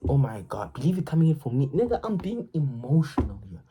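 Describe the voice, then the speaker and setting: A woman giving a casual, profane motivational rant, excitable and stammering as she repeats her words. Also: very deep voice, fast, noisy background. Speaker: motivational vlogger.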